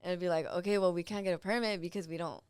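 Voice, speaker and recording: Podcast guest lady rambling through a story, says like a lot, smooth clear voice. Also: on the low side, fairly even intonation, racing, darkish tone, no echo, clean studio sound. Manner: rambling, heavy use of "like". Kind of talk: casual storytelling chat.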